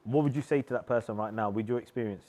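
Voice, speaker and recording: A man hosting a live studio show, asking questions with many fillers and pauses. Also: on the low side, dark tone. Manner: hesitant, filler-heavy questions. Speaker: host.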